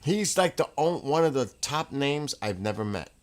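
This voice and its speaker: A man hosting his own livestream from a room at home, telling casual, rambling stories in an excitable way, with restarts and laughs. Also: medium pitch, moderate pace. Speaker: livestream host.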